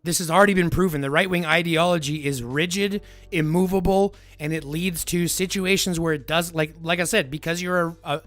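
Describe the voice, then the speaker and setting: A man's voice: fairly high pitch, a bit bright, no room sound. A man arguing heatedly with his live-stream chat, lecturing and repeating his points. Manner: combative, lecturing, repeats himself.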